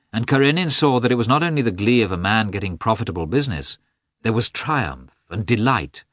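A man narrating a classic novel with an expressive, scripted delivery. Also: on the low side, dry recording, clean studio sound. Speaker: audiobook narrator.

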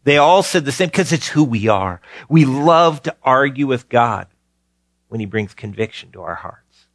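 A man preaching a sermon, earnest, repeating key phrases for emphasis and swinging from rising urgency to quiet low tones. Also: lively intonation, normal speed, dry recording, studio quality. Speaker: pastor.

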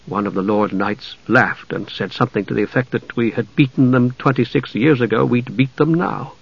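A man reading an audiobook, voicing a grieving, defensive young male knight who speaks softly and with a tremble. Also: mid-range voice, normal speed, creaky, breathy edge, highs cut off. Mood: subdued.

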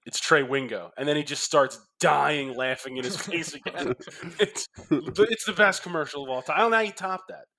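A man hosting a casual sports chat, laughing often and tossing in quick asides. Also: on the high side, creaky, sharp tone, a little hiss or hum. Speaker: host.

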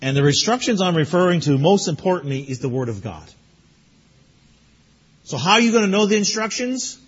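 A man's voice: high-pitched, very animated, brisk, slightly rough, highs cut off. A man preaching as pastor to graduates, telling a story with chuckles and then urging them earnestly. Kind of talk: sermon to graduates.

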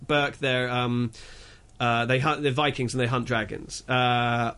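A man reviewing films on a radio show, telling the story in an animated, rambling way with many restarts. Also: mid-range voice, measured pace, clear, resonant tone. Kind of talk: casual radio chat.

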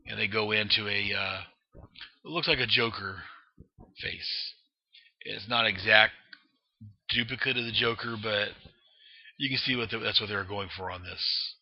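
Speaking a little slowly with long pauses, this comic book reviewer has a voice on the low side. On a dry, dull lo-fi recording, he narrates a comic in a loose, rambling way, full of fillers and false starts.

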